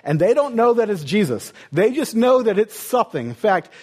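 A man preaching a sermon as a pastor, retelling the story with lively rhetorical questions. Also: sits high, moderate pace, breathy edge.

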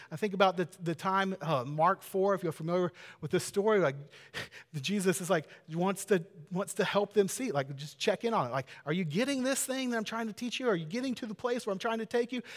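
An earnest male pastor preaches in a casual, conversational way, now and then sinking to a near-whisper to make a point. His voice sits fairly high and echoes through a church auditorium with a long reverb. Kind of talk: sermon.

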